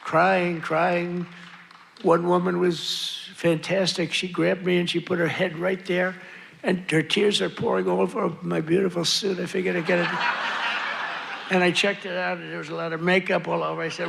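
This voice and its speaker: Boastful gravelly man at a rally. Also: high voice, level tone, normal speed. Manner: boastful, repetitive and digressive. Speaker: president giving a rally speech. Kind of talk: political rally speech. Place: outdoor or arena rally with a crowd. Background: faint crowd noise.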